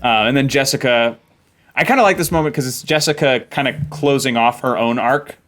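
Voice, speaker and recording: A man's voice: mid-range voice, a little fast, a bit bright, soft background music. A man hosting a casual book club chat, summarizing chapters and reading passages aloud, with frequent ums and likes. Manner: chatty, reads quotes aloud with playful voices, frequent ums.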